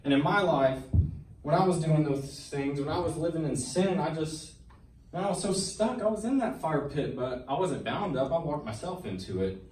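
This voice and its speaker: A fairly high, slightly mellow male voice with lively intonation and normal speed delivers a testimony to a church congregation. His earnest, colloquial retelling of a Bible story gathers intensity. Echo from the church hall, a distant mic and faint background noise mark the recording.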